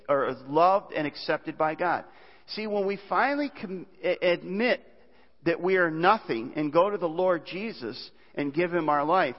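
Male pastor, casual sermon delivery, muffled church recording. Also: fairly high pitch. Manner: conversational preaching with fillers and restarts. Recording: dull hall reverb.

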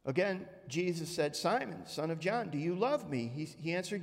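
A man's voice: a little high, big pitch swings, moderate pace. Man preaching in a reverberant church. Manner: retells scripture conversationally with frequent restarts. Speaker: pastor. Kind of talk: sermon. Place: church sanctuary. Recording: long church hall reverb.

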